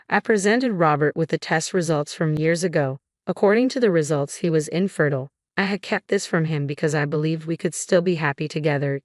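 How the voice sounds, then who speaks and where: A woman narrating a first-person drama story in an even, measured delivery. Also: sits low, no echo, clean studio sound.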